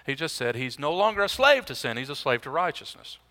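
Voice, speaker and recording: Bright-voiced preacher in a reverberant hall. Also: male voice, on the high side, big pitch swings, a little fast. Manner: conversational preaching with dry self-deprecating asides. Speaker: pastor. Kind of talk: expository sermon.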